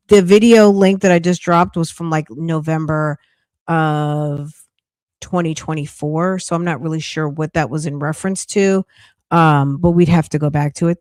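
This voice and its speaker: A woman's voice: sits low, a little mellow, no echo, clean studio sound. A woman hosting a casual livestream, chatting and thanking viewers as she thinks aloud. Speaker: podcast host. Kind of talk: casual livestream reaction chat.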